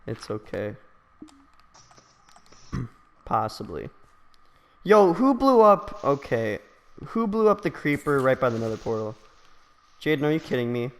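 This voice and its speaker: A man's voice: mid-range voice, very animated, a little slow, pauses often, long reverb tail. A young man hosting a gaming session, teasing a friend with crude jokes and frequent laughter. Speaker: gaming channel host. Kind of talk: casual gaming banter.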